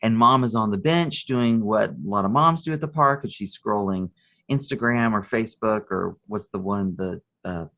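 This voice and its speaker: A man's voice: lowish voice, moderate pace, creaky, fairly bright tone. Man, therapist, podcast guest, explanatory, storytelling, clinical vocabulary. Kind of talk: podcast interview.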